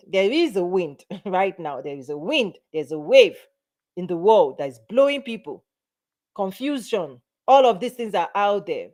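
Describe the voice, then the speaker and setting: A woman's voice: medium pitch, very animated, unhurried, darkish tone. A middle-aged woman, a business and mindset coach, giving a motivational talk to camera in an emphatic manner, repeating phrases for emphasis.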